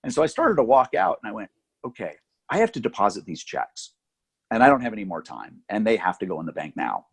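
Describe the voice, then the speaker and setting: A man's voice: on the low side, fast, vocal fry, husky. A middle-aged man telling a story in casual chat as a podcast co-host, acting out the voices of the people in it. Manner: animated, acts out voices in his anecdotes.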